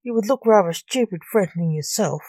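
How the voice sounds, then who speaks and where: A woman voicing a menacing masked male necromancer in a read-aloud story, who delivers his threats slowly and deliberately. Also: mid-range voice, lively intonation, mellow, no echo, close to an everyday voice.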